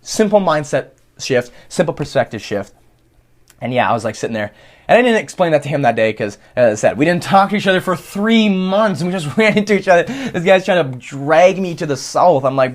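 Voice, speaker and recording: Animated, profane male podcast host. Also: on the high side, a little fast. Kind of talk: casual monologue.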